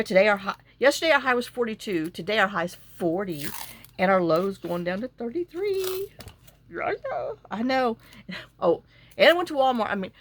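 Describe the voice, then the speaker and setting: Middle-aged woman, rambling craft vlogger who mutters to herself, voice full of vocal fry. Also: medium pitch, fairly bright tone. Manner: chatty, rambling storyteller, talks to herself while working. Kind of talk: casual chat while crafting.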